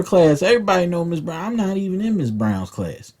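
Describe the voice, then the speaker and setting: A man's voice: high voice, expressive, fairly quick, a little mellow. A man telling a profane, rambling story from his school days in a casual rant, often repeating words. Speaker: vlog host.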